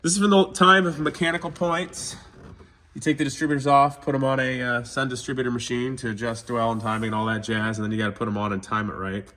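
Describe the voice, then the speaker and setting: A man's voice: mid-range voice, little pitch movement, quick pace, pushed and bright. Candid man rambling through a car vlog. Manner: candid, rambling, talks to viewers as "you guys". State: sick. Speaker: car channel host. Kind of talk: casual vlog walkthrough. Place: home car shop.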